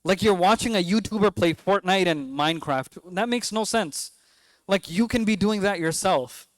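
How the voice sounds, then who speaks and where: A man's voice: high voice, normal speed, no room sound. A man in his twenties with a New York accent, giving a conversational mosque talk to parents, asking the crowd questions and joking now and then. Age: 20s. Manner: conversational, asks the audience questions, jokes.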